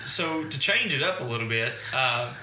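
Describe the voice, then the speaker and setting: A man's voice: mid-range voice, animated, normal speed. A man co-hosting a casual podcast chat, teasing and asking questions. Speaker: podcast co-host. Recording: echoey room with faint background noise.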